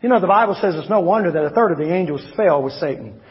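A male pastor preaching a sermon, swinging between loud emphatic shouts and low quiet asides. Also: lively intonation, fast talker. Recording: long hall reverb, dull lo-fi sound.

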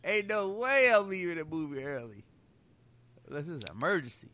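A man in casual podcast banter, telling stories with animated, incredulous reactions. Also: fairly high pitch, brisk. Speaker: co-host.

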